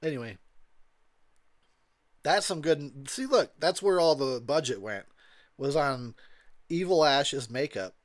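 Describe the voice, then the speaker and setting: A man's voice: on the high side, lively intonation, takes it slowly, long pauses, dry recording, studio quality. A tipsy man giving rambling, crude commentary over a movie, laughing often. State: tipsy from drinking. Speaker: commentary host.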